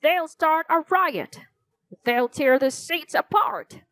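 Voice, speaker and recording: A woman's voice: sits high, expressive, unhurried, no echo, voice pushed up. A woman voicing a frantic, fussy middle-aged male theater manager who wails and panics. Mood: panicked. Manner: panicky, wailing, dramatic.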